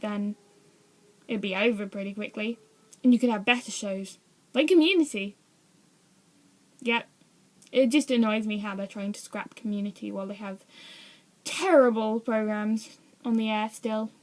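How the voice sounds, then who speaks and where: Young woman rambling on her vlog, kinda high voice, lots of ums and i dunnos. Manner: rambling, hesitant, self-deprecating. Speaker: vlogger. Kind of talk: casual chat to camera.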